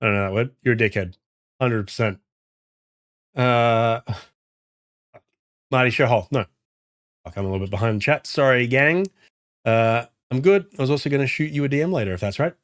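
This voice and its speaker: A man's voice: mid-range voice, moderate pace, pauses often, no room sound, studio quality. Rambling, swearing streamer guy. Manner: rambling, swears, answers chat messages. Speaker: game streamer and indie developer. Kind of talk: casual live-stream chat.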